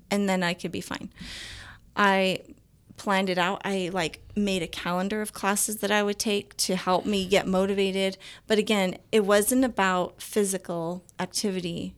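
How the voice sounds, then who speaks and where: A woman's voice: medium pitch, normal speed, clear, resonant tone. A woman guest casually telling a personal story, acting out the dialogue she quotes. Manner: animated, acts out quoted dialogue. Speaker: interview guest.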